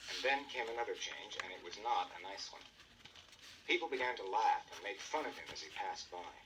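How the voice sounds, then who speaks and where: A man narrating a children's storybook record with expressive storytelling. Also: fairly low pitch, a little fast, distant mic, background noise.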